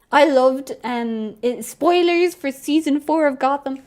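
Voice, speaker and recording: A woman's voice: high voice, measured pace, few pauses, darkish tone. A young woman streaming a game, chatting casually, giggling and squealing often. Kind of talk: casual gameplay commentary.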